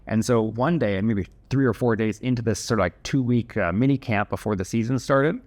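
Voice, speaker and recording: A man's voice: medium pitch, brisk, a little mellow. Chatty young man telling a story. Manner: chatty, self-deprecating, many fillers and restarts. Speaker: video host telling a personal story. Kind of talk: casual storytelling monologue.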